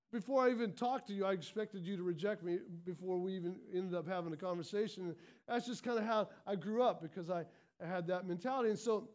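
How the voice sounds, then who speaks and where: A man's voice: high voice, a little mellow. A male pastor delivering a sermon, emphatic and repetitive, often restarting his sentences.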